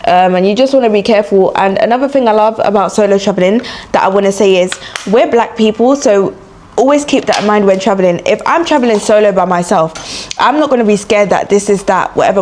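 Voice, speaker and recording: Indoors while travelling, a young beauty and travel vlogger from London talks openly through a get-ready-with-me session, her speech full of "like" and "you know." Her voice is medium-pitched, a little mellow and a little fast, with slight hiss or hum.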